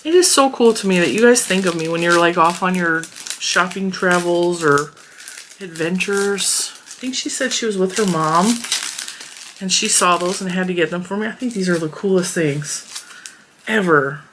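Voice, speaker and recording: Chatty woman vlogger, slightly low voice. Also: moderate pace, fairly bright tone, slight background noise. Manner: chatty, rambling, with frequent fillers and restarts. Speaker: crochet vlogger. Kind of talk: casual chat.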